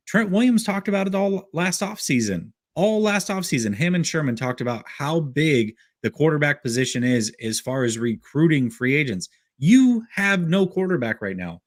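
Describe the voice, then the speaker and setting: A man's voice: a little high, big pitch swings, normal speed, few pauses. A man co-hosting a sports talk show, agreeable and chuckling as he adds his own points. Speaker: podcast co-host.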